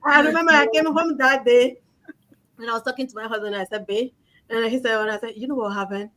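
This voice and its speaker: A woman's voice: a little high, a little fast, pushed and bright. A woman guest telling her story in a casual conversation, earnest and conversational. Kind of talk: casual chat.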